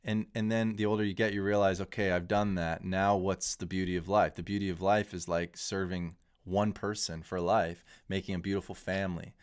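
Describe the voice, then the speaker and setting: A man's voice: low-pitched, flat delivery, brisk, hardly any pauses, clean tone. A man in his thirties hosting a crypto livestream, talking casually and candidly in a rambling, opinionated way with frequent restarts. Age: 30s.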